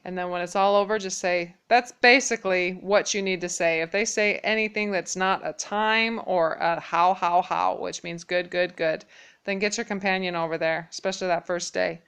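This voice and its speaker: Brief: woman language teacher, lowish smooth voice, patient and slow with repeated phrases. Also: fairly bright tone. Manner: patient, repeats Mandarin phrases slowly and clearly. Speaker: Mandarin teacher. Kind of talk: casual spoken language lesson.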